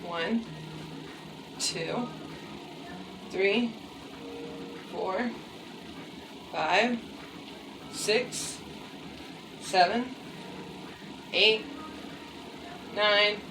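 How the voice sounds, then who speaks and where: A woman's voice: mid-range voice, noisy background. A woman giving a casual, chatty workout demonstration with many fillers and self-deprecating asides. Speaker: fitness vlogger. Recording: echoey room, mic at a distance, faint music.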